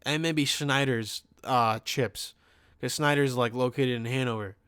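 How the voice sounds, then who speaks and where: A young man from Pennsylvania hosting a podcast, telling a funny story in a rambling, profane, animated way. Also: mid-range voice, a little slow, smooth, no room sound, studio quality. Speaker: podcast host. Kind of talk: comedic storytelling.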